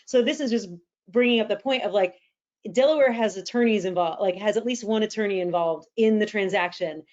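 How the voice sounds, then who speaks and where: Female host, mid-pitched voice, earnest and practical, casual talk, a bit lo-fi. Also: brisk, darkish tone. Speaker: real estate agent and podcast host. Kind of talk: casual podcast conversation. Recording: slightly dull lo-fi audio.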